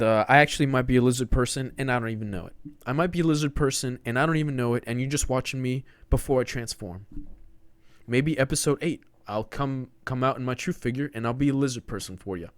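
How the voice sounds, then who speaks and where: A man's voice: medium pitch, no room sound. A man in his twenties hosting a podcast alone, rambling and joking about himself and often saying "dude.". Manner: rambling, joking, self-mocking, says dude a lot. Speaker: podcast host. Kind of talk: casual solo monologue.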